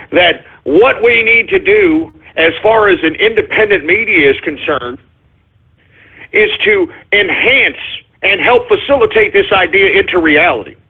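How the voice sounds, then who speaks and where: A man's voice: high voice, husky. A man hosting a political talk radio show, ranting angrily and swearing often. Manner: angry, profane, ranting. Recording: narrow phone-like lo-fi sound.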